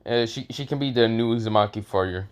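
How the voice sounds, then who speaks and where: A man voicing a cool, aloof adult male ninja rival who speaks in a dry, deadpan way. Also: mid-range voice, quick pace, smooth, natural voice.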